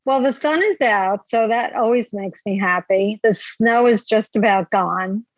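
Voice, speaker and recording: A woman's voice: mid-range voice, unhurried, no room sound. Older woman from New Jersey on a remote line. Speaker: guest. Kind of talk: casual interview. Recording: dull dry remote line.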